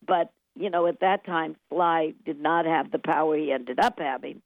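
An older woman with a fairly low voice tells lively showbiz stories, slipping into the voices of the people she quotes. She sounds thin and tinny, as if she is on a phone line, and the sound is dry and close. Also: normal speed, gravelly, no room sound. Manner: lively anecdotes, acts out quotes, laughs often. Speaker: guest songwriter. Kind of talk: animated storytelling interview.

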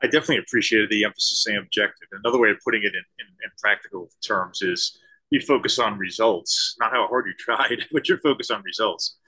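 A man, a former special-forces soldier and leadership consultant, answering interview questions thoughtfully with halting restarts. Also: fairly low pitch, bright, forceful tone, slightly rough, low-quality recording. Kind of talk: conversational interview.

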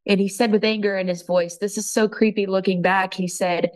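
A woman telling her own story of a painful relationship, halting and emotional, with frequent restarts. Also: medium pitch, fairly even intonation, a little mellow, rough recording. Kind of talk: personal testimony.

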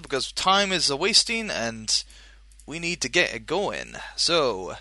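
A man's voice: fairly high pitch, very animated, a little slow, sharp tone, no echo. A man hosting a podcast, chatting casually and jokily, rambling with many fillers. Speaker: podcast host. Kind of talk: casual chat.

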